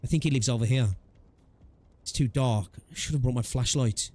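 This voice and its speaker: A man's voice: medium pitch, moderate pace, darkish tone, close to an everyday voice. A man voicing a determined young woman who rescues a frightened friend, read in a plain urgent voice.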